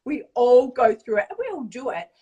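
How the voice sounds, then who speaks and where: Brief: lively woman coach, higher voice, chatty vlog delivery, slightly off-mic. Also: normal speed, breathy edge, distant mic, highs cut off. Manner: animated, chatty storyteller, tag questions. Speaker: weight-loss coach. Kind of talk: casual vlog monologue.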